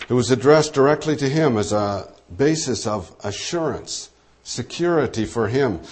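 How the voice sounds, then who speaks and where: A male pastor delivers a measured, explanatory sermon in an ordinary mid-range voice. He drops low and soft whenever he quotes scripture.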